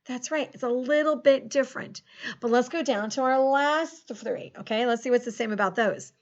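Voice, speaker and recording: A woman teaching a recorded phonics lesson to young children, encouraging them and sounding out words slowly. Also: on the high side, highs cut off. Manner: encouraging, slow and exaggerated word sounding. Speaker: second grade teacher.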